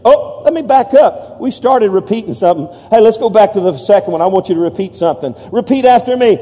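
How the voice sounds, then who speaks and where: A man's voice: sits high, lively intonation, fast, dark tone. A man preaching a sermon, leading the congregation in call-and-response and building to emphatic peaks. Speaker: pastor. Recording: long hall reverb.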